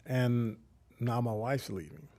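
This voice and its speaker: A man's voice: mid-range voice, lively intonation, takes it slowly, mellow. A middle-aged man giving an earnest, reflective faith testimony as an interview guest, often restarting his sentences. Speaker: guest, community founder.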